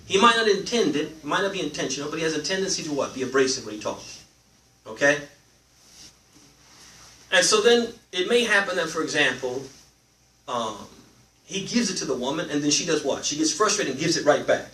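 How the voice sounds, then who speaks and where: A man with a bright, fairly high voice teaches a live religious class in an animated way, throwing questions back at his listeners. His pitch rises and falls a lot. The recording is roomy and picked up from some distance, with faint noise behind. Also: brisk, long pauses. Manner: animated, asks the audience questions and lets them answer. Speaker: Islamic teacher.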